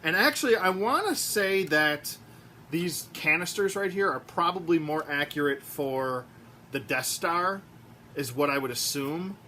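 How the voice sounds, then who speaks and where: Excitable male collector, bright voice. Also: on the high side, measured pace, a little hiss or hum. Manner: excitable, rambling, many fillers. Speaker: toy collector vlogger. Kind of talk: casual rambling review vlog. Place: room at home.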